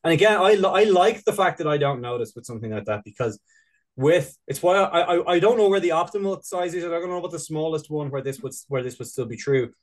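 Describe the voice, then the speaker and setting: Guy rambling on a beer podcast, laughs a lot, swears, a bit high voice. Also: animated, quick pace, poor audio. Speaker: podcast co-host. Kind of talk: casual chat.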